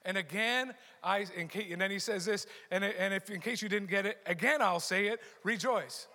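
Bright-voiced pastor in a reverberant hall. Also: male voice, sits high, a little fast. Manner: emphatic, repeats key phrases. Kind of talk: sermon.

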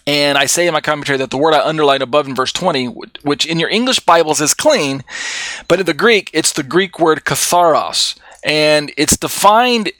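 A man's voice: a little high, normal speed, fairly bright tone, no room sound. A man teaching a Bible study in an explanatory way, with frequent fillers and restarts.

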